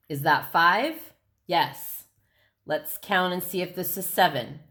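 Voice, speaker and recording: Middle-aged woman teaching young kids on video; unhurried, a touch low, patient and clear. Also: expressive, a bit bright. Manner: patient, slow and clear, clapping out syllables. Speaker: elementary school teacher. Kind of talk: recorded classroom lesson.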